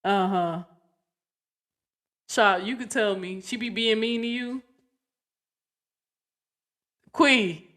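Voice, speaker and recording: A woman's voice: mid-range voice, slow pace, a bit bright. Woman, 40s, livestream host, casual and playful, mid-range voice. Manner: playful, coaxing her dog with rising calls.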